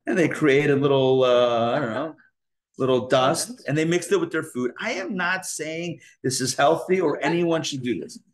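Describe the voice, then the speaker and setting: A man, a rabbi, giving a live Torah class and acting out inner dialogues in shifting voices. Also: on the high side.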